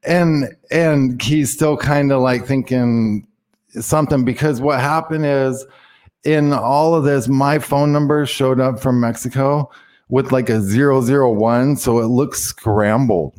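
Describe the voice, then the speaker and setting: A man's voice: mid-range voice, steady tone, measured pace, a little mellow. A man, a guest, rambling through a casual story and acting out the quoted dialogue. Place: in Mexico.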